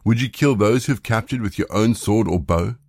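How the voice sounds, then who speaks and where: A man's voice: on the low side, a little fast, dry recording, studio quality. A man reading as a stern old prophet. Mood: solemn. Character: stern old male prophet rebuking and guiding.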